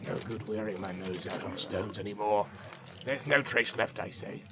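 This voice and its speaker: A man's voice: fairly low pitch, moderate pace, close to an everyday voice. A man voicing a small, sullen male orc tracker in an audiobook, muttering and snarling his complaints. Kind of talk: audiobook character voice.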